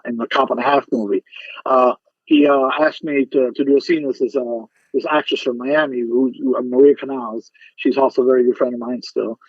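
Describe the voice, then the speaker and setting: A man's voice: mid-range voice, dry recording, highs cut off. A man, an actor guest on a podcast, telling stories animatedly and acting out the voices of the people in them. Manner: animated, acts out quoted voices in his stories. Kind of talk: casual interview storytelling.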